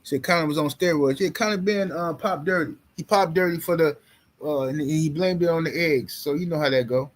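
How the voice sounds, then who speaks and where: High-voiced man ranting about boxing. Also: a little fast. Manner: animated, trash-talking, mocking. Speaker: boxing commentary streamer. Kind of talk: casual live-stream rant.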